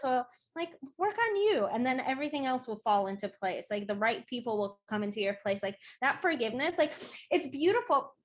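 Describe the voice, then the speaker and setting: A woman's voice: fairly high pitch, animated, brisk, few pauses. A woman guest speaking as a coach in a casual interview, earnest and chatty with many fillers.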